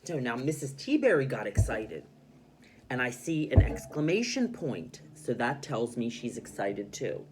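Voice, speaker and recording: A male teacher giving an expressive reading lesson to children, explaining how to voice story characters. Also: medium pitch, a little slow, a little hiss or hum.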